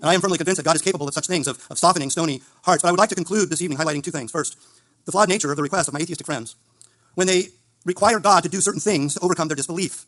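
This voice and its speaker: A man giving a formal, gently ironic closing statement at a debate event. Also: on the high side, very fast. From Italian heritage.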